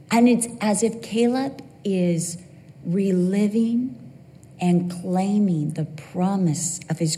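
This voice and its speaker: A middle-aged woman preaching a sermon in a church, lively and humorous, acting out bits of dialogue with quick asides. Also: on the low side. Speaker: women's Bible teacher. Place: church sanctuary. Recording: long hall reverb.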